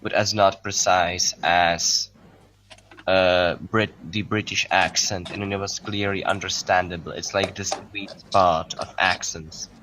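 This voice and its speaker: A young man with a very low voice talks curiously and hesitantly, often stopping to restart a phrase. A faint hiss sits under the casual indoor chat. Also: fairly even intonation, unhurried.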